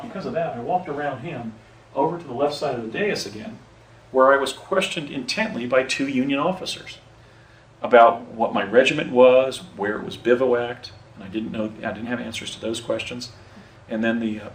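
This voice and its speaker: Recorded on location outside, this brisk, mid-range male voice recounts something that happened to him, unscripted, wandering off track and frequently stopping to fix or restart what he's saying. There's slight background noise, faint ambience, and a roomy echo from the far-off microphone.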